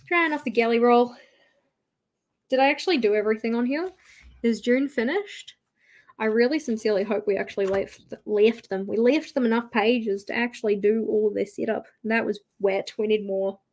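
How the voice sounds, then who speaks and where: A young woman hosting a journaling livestream, chatting casually and poking fun at herself as she works. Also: a little high. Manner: chatty, self-mocking, talks to herself while working. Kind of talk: casual chat while crafting.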